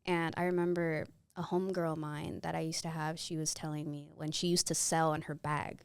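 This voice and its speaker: A woman's voice: low voice, brisk, smooth, no room sound. A woman in her twenties telling a story as a podcast guest on a close mic, acting out the people in it. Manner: animated, acts out the people in her stories. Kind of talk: casual storytelling.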